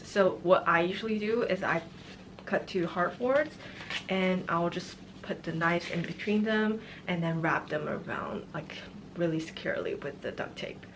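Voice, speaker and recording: Woman vlogger, low-ish voice, relaxed chat, faint noise behind. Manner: relaxed, chatty, with fillers. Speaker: home vlogger. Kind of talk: casual chat to viewers.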